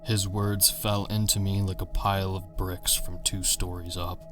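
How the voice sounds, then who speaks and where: A man narrating a horror story in a measured, tense manner. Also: sits low, little pitch movement, music in the background.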